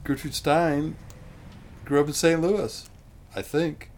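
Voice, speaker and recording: A man's voice: on the high side, fairly even intonation, slow pace, darkish tone, slight background noise. A man in casual conversation, rambling in a folksy way and often saying "man".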